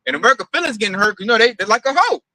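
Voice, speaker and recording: Bright high-voiced preaching man. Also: big pitch swings, very fast, dry recording, poor audio. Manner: emphatic, profane, mocking. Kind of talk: preaching commentary, casual.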